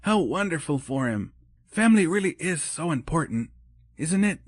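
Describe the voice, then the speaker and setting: A man voicing Mrs. Claus in an audiobook, a cheerful, encouraging older woman with a brisk manner. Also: fairly high pitch, expressive, no room sound, pitched above the performer's own voice. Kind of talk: audiobook character voice.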